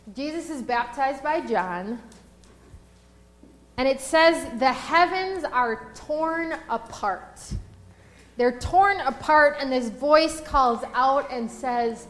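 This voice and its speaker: A pastor with a high female voice delivers an expressive sermon that weaves in a personal story. When she reads scripture, she slows down and stresses each phrase, and the audio has a roomy echo.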